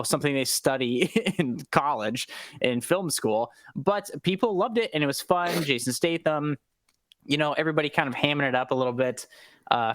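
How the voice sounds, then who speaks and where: A man's voice: fairly high pitch, fairly bright tone, no echo. A man co-hosting a movie stream, chatting casually and rambling with lots of fillers and laughs. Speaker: podcast co-host. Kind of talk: casual chat about movies.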